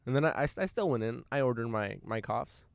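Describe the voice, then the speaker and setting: A young man rambling through a story as he hosts his podcast from inside his van. He swears freely and laughs at himself, with a middle-pitched voice. The sound is close and dry, with no room in it. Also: vocal fry, clean tone, no room sound. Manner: loose, profane and self-amused, quick bursts of excitement. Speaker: podcast host. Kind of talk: casual storytelling monologue.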